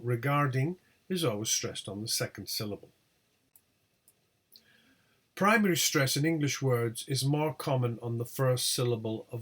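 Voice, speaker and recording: A man teaching a recorded pronunciation lesson, reading out example words one by one with clear, deliberate delivery. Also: mid-range voice, fairly bright tone. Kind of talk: recorded lecture over slides.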